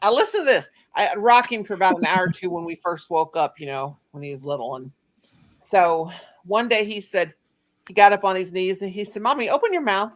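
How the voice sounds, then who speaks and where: The channel host, a middle-aged woman, has a lowish voice, lively intonation and a slightly fast delivery. She chats casually with family, a rambling storyteller who laughs a lot.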